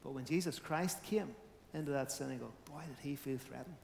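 A man's voice: mid-range voice, brisk, gravelly, darkish tone, big-room sound, slight background noise. A man preaching a sermon, emphatic, his volume rising and falling.

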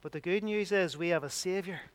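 A man preaching a sermon with emphatic delivery, rising loud and dropping to a hush. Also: high-pitched, fairly quick.

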